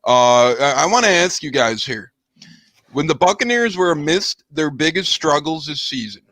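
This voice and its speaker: A man's voice: medium pitch, fairly bright tone, no room sound. Chatty male podcast host, dry sound. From lives in Chicago. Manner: chatty, steers the talk with questions. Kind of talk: casual sports podcast chat.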